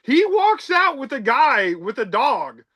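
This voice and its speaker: A man's voice: very high-pitched, very animated, measured pace, sharp tone. A man hosting a casual podcast about a film, talking emphatically and tossing out rhetorical asides. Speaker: podcast host.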